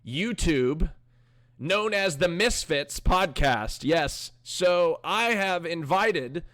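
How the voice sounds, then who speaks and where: Bright-voiced young male streamer host. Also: fairly high pitch, expressive, very slow. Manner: rambling, chatty, talks back to his chat. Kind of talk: casual live-stream chat.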